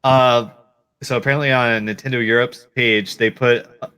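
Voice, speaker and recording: Bright-voiced playful man on a podcast. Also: mid-range voice, moderate pace, smooth. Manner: playful, jokey, animated storyteller. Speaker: podcast co-host. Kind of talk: casual gaming podcast chat.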